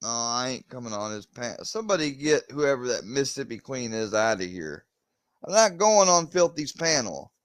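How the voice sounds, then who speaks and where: A man's voice: mid-range voice, very animated, normal speed, no echo. A young man, a YouTuber ranting to his viewers, agitated and swearing as he repeats himself. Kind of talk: venting rant to camera.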